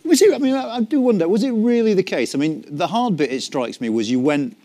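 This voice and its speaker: A man's voice: sits high, lively intonation, brisk, warm tone. A man hosting an interview, asking probing questions with restarts. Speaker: host and interviewer. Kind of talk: conversational interview.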